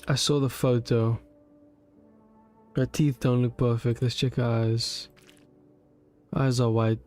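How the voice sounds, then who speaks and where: A man in casual gameplay commentary, reacting emotionally and with slang as he plays. His voice is mellow and middle-pitched. Soft music plays faintly beneath him. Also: level tone, takes it slowly. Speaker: gamer.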